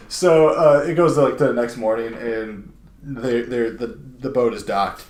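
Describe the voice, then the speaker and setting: A man's voice: mid-range voice, measured pace. Young man rambling through a comic recap. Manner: rambling, animated retelling with many "like" fillers. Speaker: podcast host. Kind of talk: casual chat. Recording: roomy room.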